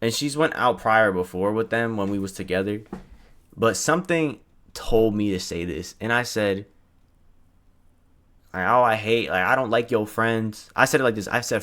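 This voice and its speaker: Speaking at a moderate pace in a lowish voice, a young man recounts a personal story for his storytime vlog. The telling is casual, animated, and full of swearing, slang, and quotes he acts out.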